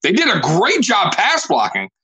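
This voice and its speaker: A man's voice: high-pitched, wildly swooping pitch, moderate pace, pushed and bright, breathy edge, low-quality recording. A man hosting a casual sports chat, blunt and emphatic, often saying "bro". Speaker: podcast host.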